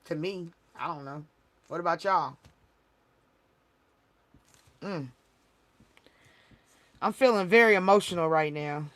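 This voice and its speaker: A woman's voice: on the low side, slow pace, long pauses, a bit bright. Woman livestream host, spiritual reader, emphatic and preachy, casual and rambling.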